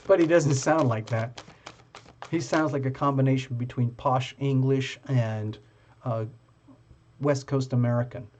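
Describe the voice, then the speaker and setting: A man's voice: mid-range voice, steady tone, measured pace, long pauses, a little mellow. A man hosting a casual live-stream tarot reading, talking to his viewers in a chatty, playful way.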